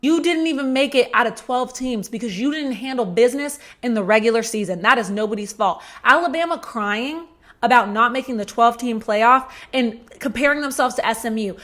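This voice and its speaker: A woman's voice: on the high side, fairly quick, a bit bright. A woman hosting a solo sports podcast, giving sassy, blunt commentary with casual swearing and mocking asides. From Georgia fan. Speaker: podcast host.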